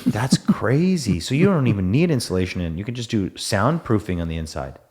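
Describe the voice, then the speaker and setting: A low-pitched man with an Eastern European accent co-hosts a casual podcast, sounding enthusiastic and animated. He is recorded on site at a manufacturing facility. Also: a little fast. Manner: enthusiastic, animated, often laughing. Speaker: podcast co-host.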